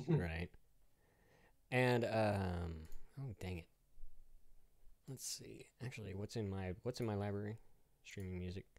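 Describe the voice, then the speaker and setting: A man's voice: lowish voice, takes it slowly, pauses often. A man hosting a casual live-stream town hall, talking loosely with a guest and his chat. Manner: relaxed, loose, laughs easily, talks to chat.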